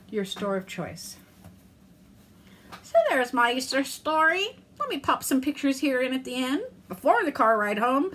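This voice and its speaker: A middle-aged woman vlogging in a casual, candid and rambling way, self-deprecating, with mild cursing and lively swings in tone. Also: high-pitched. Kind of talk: casual chat to camera.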